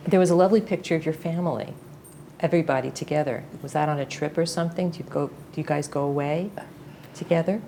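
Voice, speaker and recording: Woman interviewer, low voice, friendly short questions, faint noise. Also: quick pace, vocal fry, mellow. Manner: friendly, brief prompting questions.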